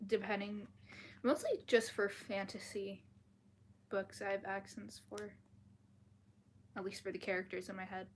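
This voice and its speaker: A woman's voice: mid-range voice, little pitch movement, measured pace, long pauses, a little hiss or hum. Chatty woman reading a fantasy novel aloud. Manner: casual, chatty, restarts words and apologizes. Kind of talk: live-streamed book reading with chat asides. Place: at home, dogs outside the door.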